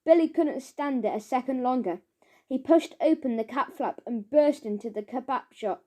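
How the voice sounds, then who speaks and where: A woman narrating a children's audiobook, chanting its rhymes with lively rhythm. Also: sits high, moderate pace.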